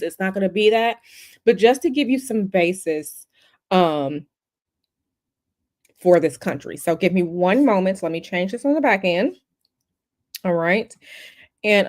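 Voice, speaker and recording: A woman's voice: medium pitch, a little mellow, dry recording, clean studio sound. A woman hosting an astrology and tarot livestream, chatting casually and talking straight to her live chat.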